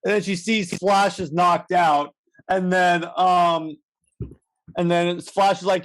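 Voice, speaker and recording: A man's voice: high voice, fairly even intonation, slow pace, fairly bright tone. A man co-hosting a podcast, casually recapping a comic with many restarts and acted-out quotes. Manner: rambling, many restarts, acts out lines. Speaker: podcast co-host.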